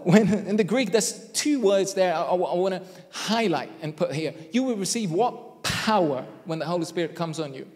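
A man preaching a conversational sermon with deliberate, emphatic phrasing and self-deprecating asides, recorded in a church hall. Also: high voice, a little mellow. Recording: long reverb in a church hall.

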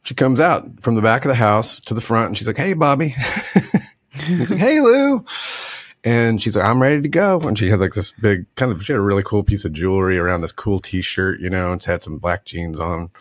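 A man's voice: on the low side, steady tone, fairly quick, no room sound. A middle-aged man casually telling a story on a podcast, laughing often and acting out the other people in it with a put-on drawl.

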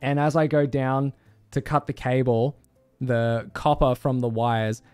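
A young man, telling a story on his stream with lots of swearing and loud outbursts. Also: medium pitch, steady tone, measured pace, clean tone, dry recording, soft background music. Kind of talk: casual storytelling.

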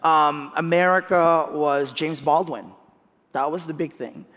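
Onstage for a lively interview, a guest speaker in his thirties from the Philippines laughs often and restarts with repeated words, talking at a measured pace. His voice is fairly high for a man, and a long reverb from a large hall trails the sound.

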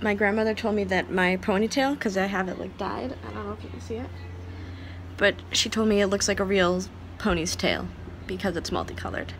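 A woman's voice: mid-range voice, fairly quick. Chatty woman vlogger, noisy outdoor audio. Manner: chatty, playful mock-interviewer. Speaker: vlogger host. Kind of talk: casual chat to camera. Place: outdoors by a garden.

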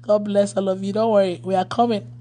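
A woman's voice: mid-range voice, fairly even intonation, fast talker, mellow. Chatty woman pastor talking to followers. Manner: chatty, laughs often, reads out viewer comments. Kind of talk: casual livestream chat with followers.

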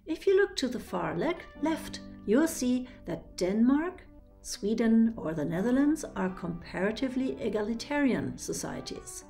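A woman's voice: a little high, sing-song, unhurried, a little mellow, faint music behind. A woman from Germany with a German accent, explaining ideas carefully and step by step as a trainer. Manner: clear, methodical, explains with examples. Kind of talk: explanatory lecture.

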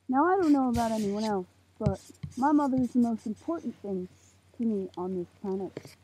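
An eighteen-year-old woman ranting to camera outdoors at night, heated and swearing, with a very husky voice. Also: on the high side, expressive, normal speed, warm tone. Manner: heated, swearing, preachy outbursts. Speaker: vlogger. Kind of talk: impassioned rant to camera. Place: outdoors in a parking lot at night under a makeshift roof. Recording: tinny phone-like lo-fi sound.

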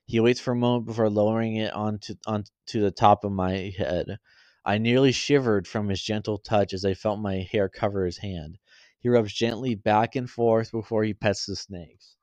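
Male amateur story reader, low, stumbling, dry recording. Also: steady tone, darkish tone, dry recording. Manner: halting, with frequent stumbles and self-corrections. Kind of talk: reading a fan story aloud.

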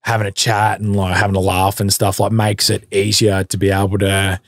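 A young Australian man chatting as a podcast guest in a relaxed, laid-back way, full of fillers and the odd swear word. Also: sits low, fairly quick, no room sound, studio quality. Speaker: interview guest, football punter. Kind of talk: casual podcast chat.

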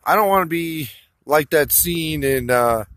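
A man recording a rambling walk-and-talk vlog outdoors, speaking straight to an absent listener, halting with many fillers and restarts. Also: a little high, expressive, a bit bright, dry recording. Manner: talks directly to an absent listener. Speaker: vlogger. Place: outdoors in open desert country. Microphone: phone or camera held while walking.

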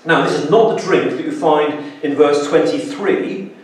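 A man's voice: a little high, a little slow. A man preaching a sermon in a church, earnest, with frequent restarts and sudden emphatic exclamations. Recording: echoey church hall, distant mic.

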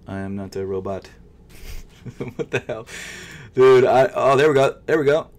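A young man giving casual running commentary as he tries to buy sneakers online, nervous and frustrated, swinging from loud outbursts to quiet mumbling, with keyboard typing behind him. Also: mid-range voice, moderate pace. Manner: nervous, stuttering. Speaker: sneaker vlogger. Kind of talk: casual live commentary while shopping online.

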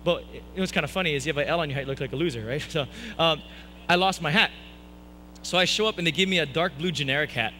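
Bright, high-voiced joking preacher. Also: male voice, quick pace, a little hiss or hum, poor audio. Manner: playful, self-mocking, jokey asides. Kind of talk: humorous sermon storytelling.

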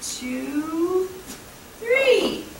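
A woman voicing a playful, stubborn little boy in a workshop role-play, shouting and giggling as he plays. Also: extremely high pitch, sing-song, very slow, pitched above the performer's own voice, exaggerated voice. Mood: excited. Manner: shouts and giggles, counts in rising squeals. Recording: echoey room, distant mic, background noise.

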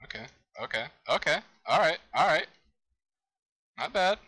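A young man commenting on a game he is playing, excitable, exclaiming and laughing at what happens on screen. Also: on the high side, measured pace, rough recording. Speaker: gamer. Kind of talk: let's play commentary.

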